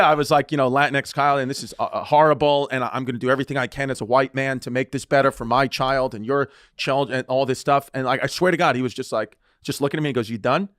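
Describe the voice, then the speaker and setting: A man's voice: medium pitch, fast, few pauses, dry recording, clean studio sound. A man, telling a long comic story on a podcast, laughing often and acting out the people he quotes. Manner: animated, laughing often, acts out quoted voices.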